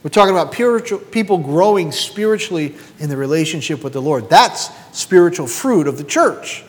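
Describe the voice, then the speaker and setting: A man's voice: a little high, animated, brisk. A man in his fifties preaching a sermon as pastor, throwing rhetorical questions at the congregation. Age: 50s. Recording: long hall reverb.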